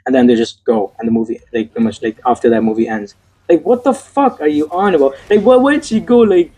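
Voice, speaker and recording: A man's voice: medium pitch, fast talker, dark tone, slightly rough, low-quality recording. A young man giving a casual, frustrated movie review, swearing often and stumbling over fillers and restarts.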